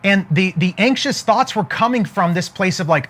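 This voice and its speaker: A man around forty giving an energetic motivational talk, throwing rhetorical questions at his listeners. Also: sits high, moderate pace, few pauses. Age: 40s. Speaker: motivational speaker.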